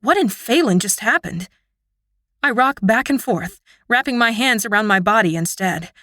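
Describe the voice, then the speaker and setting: A woman reading a first-person fantasy audiobook with an expressive, emotional delivery. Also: fairly high pitch, normal speed, dry recording, studio quality. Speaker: audiobook narrator.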